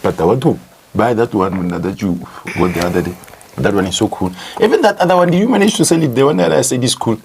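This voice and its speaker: A man, co-hosting a podcast, teasing and animated in casual chat. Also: fairly low pitch, quick pace, gravelly, a little hiss or hum. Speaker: podcast co-host.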